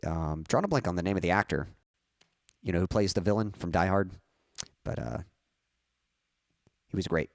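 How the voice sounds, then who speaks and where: A man's voice: low-pitched, moderate pace, pauses often, dry recording, clean studio sound. A young man chatting casually on his music live stream, rambling and correcting himself with small chuckles.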